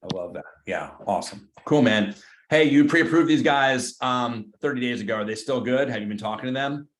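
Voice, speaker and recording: A man's voice: mid-range voice, moderate pace. A man running a live team training in an echoey meeting room. He talks loose and slangy, with a mid-range voice, and switches into little acted-out phone calls. The room rings a bit around him. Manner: casual, slangy, acts out both sides of phone calls. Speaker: real estate team trainer. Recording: roomy echo.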